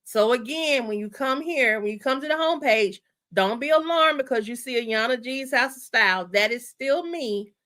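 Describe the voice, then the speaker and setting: A bright, forceful-sounding woman hosts a casual livestream. She talks straight to her viewers, excitable and chatty, and keeps repeating her instructions so nobody misses them. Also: high voice, moderate pace. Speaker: channel host. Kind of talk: casual livestream store walkthrough.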